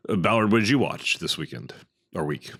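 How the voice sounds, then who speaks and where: Lively low-voiced joking man. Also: slightly rough. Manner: joking, halting with restarts. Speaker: podcast co-host. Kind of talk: casual podcast chat.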